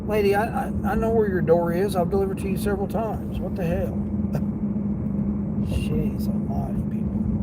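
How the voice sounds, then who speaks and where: A man's voice: sits high, unhurried, long pauses, heavy background noise. A man who hosts a driving livestream, chatting casually and grumbling with curses about other drivers and customers from inside his car. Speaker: delivery driver and livestream host.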